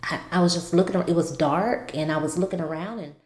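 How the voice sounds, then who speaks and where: A woman vlogger telling a personal story in a halting way, with many restarts. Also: on the low side, a little mellow. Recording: roomy echo.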